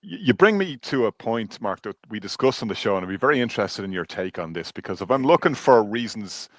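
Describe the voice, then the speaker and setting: An Irish man hosting an interview, asking questions in an animated way and laughing along with his guest. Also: fairly low pitch, fast talker, dry recording. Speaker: show host. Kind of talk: casual interview talk.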